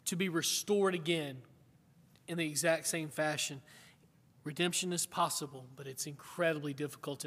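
A pastor delivers a sermon in an echoing hall with long reverb. His voice is on the high side and fairly bright, and his earnest, conversational preaching leans on rhetorical questions.

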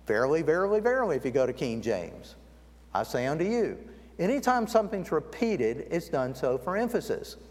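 High-voiced preacher in a reverberant hall. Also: male voice, very animated, darkish tone. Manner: storytelling, slows down to stress key words. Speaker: guest preacher. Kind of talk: sermon. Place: church sanctuary. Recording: long church hall reverb.

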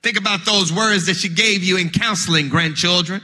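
A high, piercingly bright male pastor preaches a funeral sermon in a church sanctuary. His rhythmic delivery swells into shouted, half-sung cadences, and he repeats words as he starts his phrases. His voice rings with long hall reverb. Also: normal speed.

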